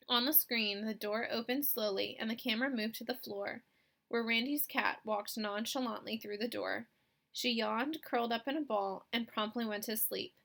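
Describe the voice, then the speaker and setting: Lady reading a kids' novel out loud, expressive, bright and kinda high. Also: normal speed, gravelly. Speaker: audiobook reader. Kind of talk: scripted storybook narration.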